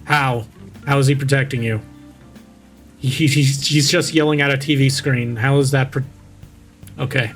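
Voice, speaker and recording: A man's voice: medium pitch, steady tone, moderate pace, long pauses, a bit bright, faint music behind. A man reading a creepypasta aloud and breaking off to mock it with sarcastic commentary, close to the mic. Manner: sarcastic, interrupts the story to make fun of it.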